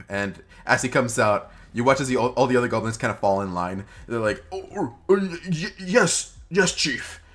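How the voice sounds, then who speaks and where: A man's voice: on the low side, a bit bright. A young man narrating a tabletop game as game master, rambling with many fillers.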